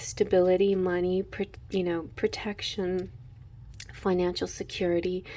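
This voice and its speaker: A woman's voice: medium pitch, mellow. Gushing, emotional woman reading tarot. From Houston, Texas. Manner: gushing and emotional, laughing often, with many fillers and restarts. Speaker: tarot reader. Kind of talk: casual pick-a-card tarot reading.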